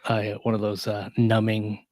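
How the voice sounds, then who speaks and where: A gruff, hoarse man co-hosts a casual live-stream chat, his voice low and worn down by illness. He rambles loosely with many fillers, heard close and dry. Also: completely flat delivery, moderate pace, darkish tone, no room sound. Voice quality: gruff, deep. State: hoarse from bronchitis. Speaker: co-host.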